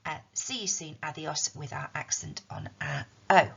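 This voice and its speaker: Woman teacher with a gravelly low voice. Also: moderate pace, a bit bright. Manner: patient, explanatory, frequent ums. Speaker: Spanish teacher. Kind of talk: recorded tutorial lesson. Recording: dull lo-fi recording.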